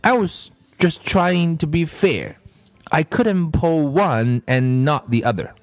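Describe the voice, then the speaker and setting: A man's voice: on the high side, slow, no room sound, voice pushed up. A man voicing an anxious, hesitant schoolboy in a storybook reading. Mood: earnest. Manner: pleading, hesitant. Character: anxious schoolboy tempted and torn.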